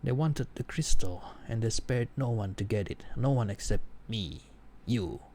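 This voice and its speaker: A man voicing a grieving young prince from a game, quiet and subdued. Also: medium pitch, normal speed, slight background noise, natural voice. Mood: sorrowful. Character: grieving young male prince, soft-spoken.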